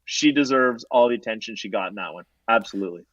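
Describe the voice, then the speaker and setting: A man as a guest in a casual podcast chat, opinionated and playful with quick asides. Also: lowish voice, fairly bright tone, no echo, highs cut off.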